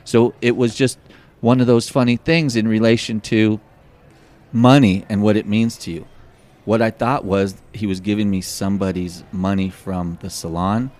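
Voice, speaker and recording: A man telling a personal story in an interview, animated and acting out the voices of the people in it. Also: on the low side, normal speed. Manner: animated, acts out quoted voices. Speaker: guest.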